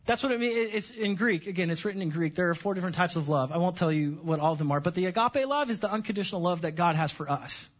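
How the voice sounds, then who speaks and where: A man preaching a sermon as pastor, animated, joking and sarcastic with his congregation. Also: high-pitched, fast talker, hardly any pauses, lo-fi sound.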